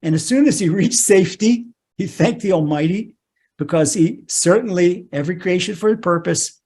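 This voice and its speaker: A man teaching as a rabbi, telling a scripture story in an animated way, restarting phrases and saying "okay" often. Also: sits high, moderate pace.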